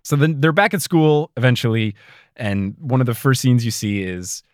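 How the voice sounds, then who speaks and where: A man's voice: medium pitch, moderate pace, no room sound, studio quality. A man in his twenties hosting a podcast, reading a long list of patron names and joking around with his guests. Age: 20s. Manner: jokey, laughs often, reads long patron list. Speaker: podcast host. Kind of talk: casual podcast chat.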